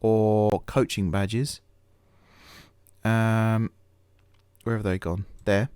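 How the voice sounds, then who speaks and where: A man's voice: fairly low pitch, little pitch movement, drawn-out words, a little mellow, clear, resonant tone, no echo. A man hosting a gaming channel, chatting casually over a management game, rambling and poking fun at himself with many fillers and restarts. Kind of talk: casual let's-play commentary.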